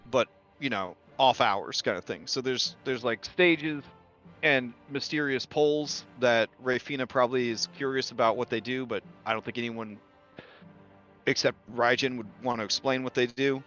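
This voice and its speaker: A man narrating as game master, describing scenes in a halting way with many pauses and fillers. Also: medium pitch, fairly bright tone. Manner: halting, many ums and uhs. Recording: dull lo-fi audio with faint music.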